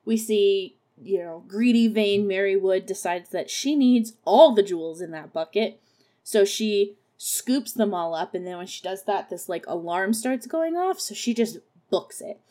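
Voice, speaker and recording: A woman's voice: medium pitch, lively intonation, a little slow, dark tone. A young woman talks through a horror musical she is reviewing for her podcast. Her recap is casual and sarcastic, full of profanity and little laughs at her own jokes. She keeps it loose and unscripted. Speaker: podcast host reviewing a film.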